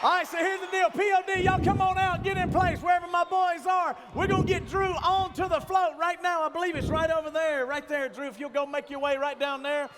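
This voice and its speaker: A man hyping up a crowd as event host, shouting over a live band in a hall. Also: very high-pitched, fairly even intonation, fairly quick, few pauses. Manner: loud, shouting, pumping up the crowd. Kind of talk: hyped emcee crowd work. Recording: echoey hall, loud music behind.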